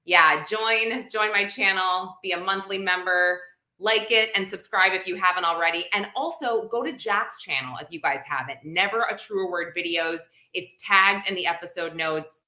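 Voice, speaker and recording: A woman's voice: fairly low pitch, normal speed, bright, forceful tone. A woman hosting a live stream, talking in a chatty, rambling way with many fillers. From United States. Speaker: host. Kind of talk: casual live-stream chat. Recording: echoey room.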